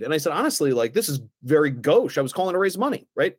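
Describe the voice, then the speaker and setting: Animated man telling stories. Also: a little high, quick pace, husky, dry recording, clean studio sound. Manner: animated anecdotes, acts out the other voices. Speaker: guest, former aldermanic candidate. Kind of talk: casual storytelling.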